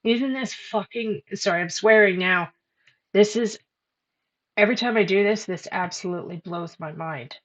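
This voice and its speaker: A woman hosting a livestream, talking straight to her chat in an emotional, excitable way. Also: mid-range voice, moderate pace. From Canada. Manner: emotional, talks to chat directly. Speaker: livestream host. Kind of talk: live-stream commentary. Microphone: headphones with mic. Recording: dull lo-fi livestream audio with background noise.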